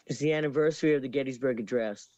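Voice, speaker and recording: A woman's voice: very deep voice, fast, mellow, no room sound, highs cut off. A middle-aged woman chatting casually as co-host, making dry, teasing wisecracks. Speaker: co-host, host's mother. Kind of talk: casual chat.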